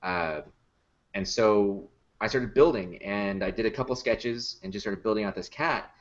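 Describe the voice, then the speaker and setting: Male puppet builder, low-pitched, chatty and quick to laugh; dull lo-fi podcast sound. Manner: laughs easily, chatty storytelling with many fillers. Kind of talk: casual podcast chat.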